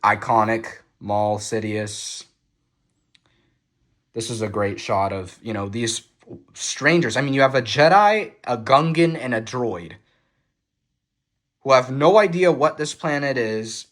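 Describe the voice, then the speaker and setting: A young man giving casual, excited commentary on film stills, swearing freely and full of fillers and restarts. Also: mid-range voice, slow pace, pauses often. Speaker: vlogger reviewing a film photo book. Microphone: phone.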